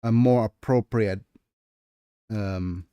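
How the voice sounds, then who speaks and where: A man's voice: fairly low pitch, slow pace, mellow, clear, resonant tone, no room sound. A man hosting a casual livestream about his writing, hesitant and thinking aloud, with many fillers and restarts. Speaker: livestreamer and writer.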